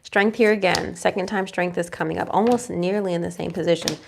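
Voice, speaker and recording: A young adult woman gives a casual tarot reading in a brisk, gravelly voice that sits on the low side with a steady tone, over a noisy background. Chatty and reassuring, she murmurs her questions to the cards aloud.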